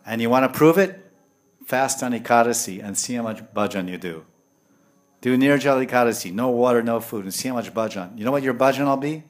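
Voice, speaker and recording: A man giving a devotional lecture in English with Sanskrit and Hindi terms, telling lively stories and swinging from hushed tones to loud bursts. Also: medium pitch, brisk, faint music behind. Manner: animated, acts out voices and laughter, swings from hushed to loud. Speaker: spiritual teacher.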